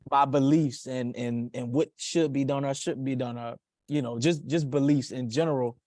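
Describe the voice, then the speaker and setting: A male podcast host shares a memory in a reflective, thoughtful manner, pausing and restarting as he gathers his thoughts. His voice sits at a middle pitch. The recording is close and dry. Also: fairly even intonation, dark tone, no room sound. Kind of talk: conversational interview.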